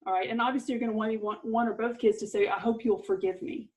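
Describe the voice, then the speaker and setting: A woman's voice: a little high, steady tone, quick pace, a little mellow, poor audio. A middle-aged woman giving an earnest, encouraging parenting lesson, with light laughs. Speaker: parenting course presenter.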